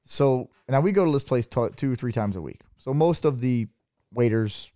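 Middle-aged male co-host, casual storyteller, mid-pitched voice, does the quoted voices. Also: expressive, normal speed, mellow, no echo, studio quality. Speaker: podcast co-host. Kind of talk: casual chat.

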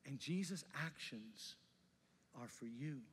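A male pastor preaching a sermon with passion, rising loud and dropping soft. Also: mid-range voice, lively intonation, slow pace, breathy edge, big-room sound.

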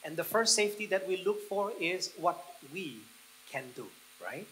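A man preaching a sermon, leading the listeners through a guided picture with slow, soft pauses that build into excited passages. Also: high voice, a little hiss or hum, low-quality recording. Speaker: pastor.

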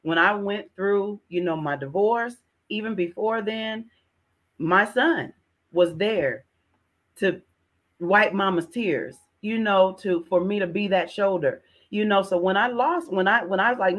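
A woman's voice: mid-range voice, measured pace, lo-fi sound. A middle-aged woman guest telling an emotional personal testimony in an earnest way, repeating words and often calling the listener "sis". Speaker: podcast guest.

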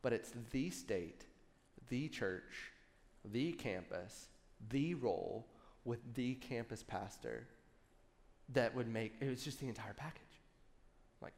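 A worship pastor in his thirties preaching a sermon, telling a personal story with lively asides to the congregation. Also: medium pitch, measured pace, long pauses, in a large hall. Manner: animated storytelling with audience asides.

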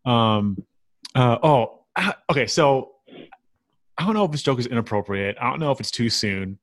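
A man's voice: medium pitch, lively intonation, normal speed. Giggly man hosting a chat. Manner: laughs often, fillers and restarts. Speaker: podcast host. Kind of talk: casual chat.

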